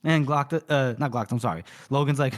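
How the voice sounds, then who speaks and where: A man on a book podcast, talking through a story scene by scene in an easy, rambling way. His voice sits at an ordinary middle pitch, and he slips into quick put-on voices for the characters before dropping back to his own. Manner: rambling retelling with many fillers, acting out lines. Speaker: podcast co-host. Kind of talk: casual book recap.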